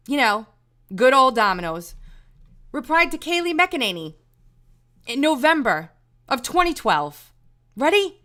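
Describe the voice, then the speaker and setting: A woman's voice: high voice, big pitch swings, a little slow, pauses often, pushed and bright. A woman host delivering an exasperated, emphatic commentary monologue, repeating words when heated. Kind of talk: angry monologue rant.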